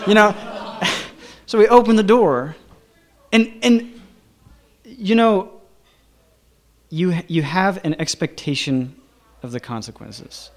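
Guy telling a wild story, fairly high voice, chuckles a lot, keeps saying you know. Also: takes it slowly, pauses often. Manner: animated, chuckling, many fillers like "you know". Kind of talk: personal anecdote storytelling.

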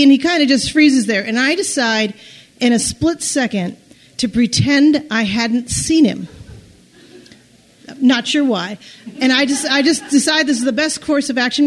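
High-voiced woman telling a personal story. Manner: halting, with frequent restarts and nervous laughs.

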